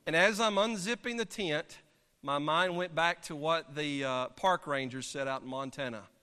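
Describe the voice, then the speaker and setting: Pastor guy telling a story in his sermon, really bright tense voice, lots of drama, church hall reverb. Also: on the high side, normal speed, clear, resonant tone. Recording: long reverb of a large hall.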